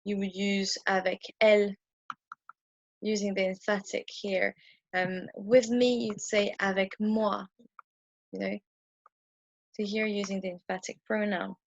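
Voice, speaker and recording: A woman explains French grammar at a whiteboard indoors, relaxed and patient, with frequent ums and false starts. She keeps a level tone and a measured pace, pausing often; her middle-pitched voice is recorded close and dry, sounding a bit muffled and dull.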